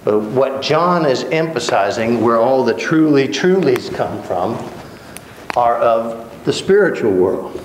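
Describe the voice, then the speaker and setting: A man teaches a church Bible class in a conversational, joking style, repeating words to stress them. His medium-pitched voice is animated but unhurried. The room has a roomy echo and a faint background hiss.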